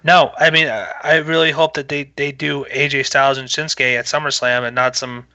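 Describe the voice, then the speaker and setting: A man co-hosting a casual wrestling chat, excitable and gushing, his voice jumping into loud squeals when he gets worked up. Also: medium pitch, fairly quick, dry recording, lo-fi sound. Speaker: podcast co-host.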